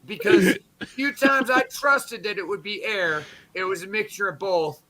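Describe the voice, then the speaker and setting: A man streaming, telling a crude comic story in a profane, rambling way with quick asides. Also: high voice, expressive, crowd noise.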